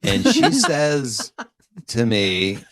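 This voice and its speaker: A man who is a guest comedian on a podcast, chatting casually in a self-deprecating, deadpan way. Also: mid-range voice, extremely slow, no room sound, clean studio sound. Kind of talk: casual chat.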